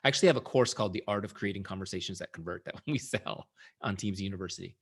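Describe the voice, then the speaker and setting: A middle-aged man with a low, gravelly voice leads a live sales training. He talks in a lively, conversational way and often checks that his audience is following. He sounds like a founder coaching his team. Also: quick pace.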